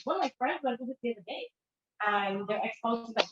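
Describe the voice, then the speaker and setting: A woman's voice: a little high, a little fast, noisy background. A woman, a therapist giving an informal conference talk in a conversational way, acting out quoted lines as she goes. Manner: conversational, acts out quoted dialogue with shifting voices. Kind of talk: informal lecture presentation. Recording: echoey room, dull lo-fi sound.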